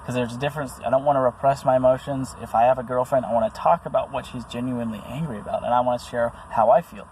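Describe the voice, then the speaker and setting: A man's voice: medium pitch, steady tone, quick pace, hardly any pauses, darkish tone, a little hiss or hum, low-quality recording. A man speaking about his own experiences in an earnest, rambling monologue, full of restarts and fillers. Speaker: vlogger. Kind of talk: personal monologue to camera.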